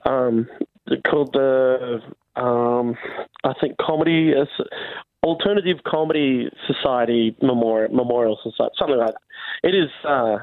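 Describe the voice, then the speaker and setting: An Australian comedian chats casually on the phone, laughing at himself in a chatty, self-deprecating way. His voice is medium-pitched at a normal speed, with phone-quality sound and a dry recording.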